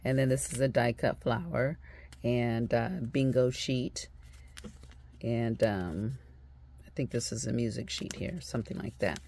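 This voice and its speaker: Slow, gravelly-voiced woman crafter. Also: a bass voice, fairly even intonation, a little mellow. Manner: chatty, rambling, thinks aloud with fillers. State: tired and yawning. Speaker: crafter hosting a journal-making video. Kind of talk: casual crafting walkthrough.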